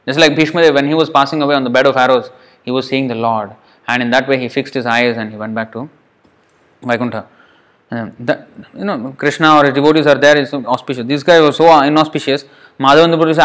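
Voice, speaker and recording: A man's voice: medium pitch, fast talker, fairly bright tone. A man giving a scripture lecture, retelling a story and explaining it with frequent "you know" asides. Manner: explanatory, many "you know" fillers, acts out quotes. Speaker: preacher.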